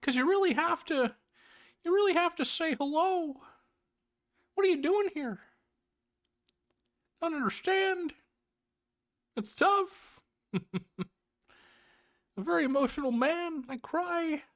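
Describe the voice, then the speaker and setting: A squeaky, strained lecturer voice that climbs far above normal, as a man puts on an earnest and emotional pundit. It moralizes in a plaintive, nasal tone in a comic impression, full of self-serious urging. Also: animated, slow, pauses often, fairly bright tone, heavily acted. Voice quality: strained high nasal pitch. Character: impression of a famous male public intellectual, emotional and preachy.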